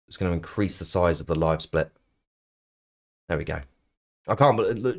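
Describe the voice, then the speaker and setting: A man's voice: low voice, moderate pace, pauses often. A man streaming live, chatting casually to viewers in a playful, sarcastic, rambling way with plenty of ums.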